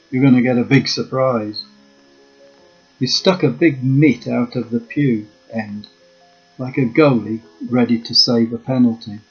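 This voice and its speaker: Man telling an old story real slow, muffled lo-fi audio, soft guitar underneath. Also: medium pitch. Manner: slow, measured reading. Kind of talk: memoir storytelling. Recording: dull lo-fi with faint guitar.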